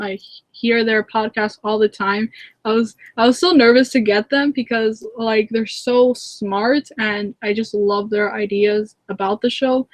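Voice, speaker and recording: A giggly young woman chats casually into her webcam at home, her voice sitting a little high. She speaks with many fillers and quick restarts, and the sound is close and dry with no room echo. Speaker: channel host answering viewer comments. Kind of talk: casual live hangout chat. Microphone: webcam in a live video hangout.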